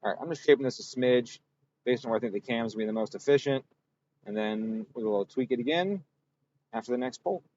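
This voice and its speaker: A man's voice: mid-range voice, brisk, a little mellow, muffled recording. A man tuning an engine on a livestream, talking casually and thinking aloud as he works. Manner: thinks aloud, rambling, self-correcting. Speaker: engine tuner streaming a dyno session. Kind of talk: casual technical livestream talk.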